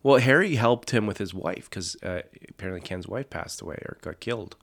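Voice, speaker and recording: A man's voice: on the low side, expressive, fairly quick, gravelly. A man co-hosting a casual film discussion podcast, enthusiastic and chuckling as he quotes his favorite lines. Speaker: podcast co-host.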